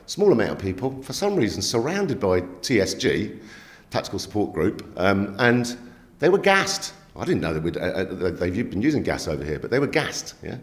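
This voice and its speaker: A man, a magazine editor telling stories in an animated interview, emphatic and streetwise, often checking in with "yeah?" and "right?". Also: sits low, normal speed. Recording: echoey room.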